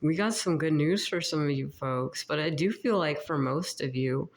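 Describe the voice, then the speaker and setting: A psychic reader with a sick voice, giving a casual spiritual channeling session in a halting, meandering way with frequent giggles. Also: mid-range voice.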